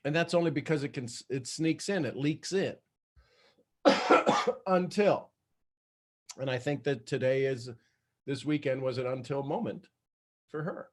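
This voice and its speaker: A man hosting a video call, giving earnest coaching advice with halting speech and frequent restarts. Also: mid-range voice, a little mellow. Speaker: host. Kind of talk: motivational coaching talk.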